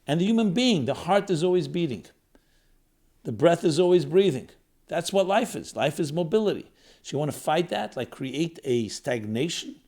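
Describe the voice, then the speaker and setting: A man's voice: fairly high pitch, gravelly, darkish tone. A man giving a reflective spiritual talk as a rabbi, building his points in strings of short phrases that rise and fall in emphasis. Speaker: rabbi, lecturer.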